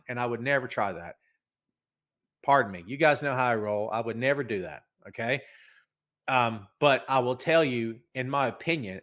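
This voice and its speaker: A man's voice: medium pitch, fairly bright tone. Man, middle-aged, podcast host, stuffy head cold, rambling joking chat, wrestling news.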